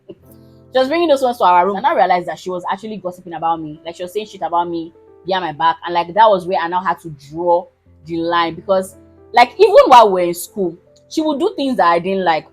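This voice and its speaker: A woman in her twenties with a Nigerian accent, telling a personal story to her viewers in a casual, animated, emphatic way. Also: lowish voice, poor audio. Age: 20s. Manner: animated, emphatic, keeps asking listeners if they understand. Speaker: vlogger.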